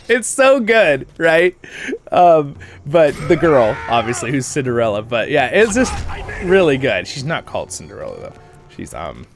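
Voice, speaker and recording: A man rambles casually over his gameplay, his pitch leaping all over as he jumps from hushed asides to loud bursts. He laughs often and keeps a chatty, unscripted flow, with faint music playing underneath. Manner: lively, swings from quiet asides to loud bursts. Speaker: host of a game voice-over channel. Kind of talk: casual chat while playing a game.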